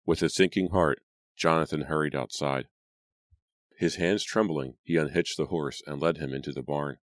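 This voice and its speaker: A man narrating a spooky audiobook in a measured, dramatic storytelling manner. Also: very deep voice, fairly even intonation, dry recording, studio quality.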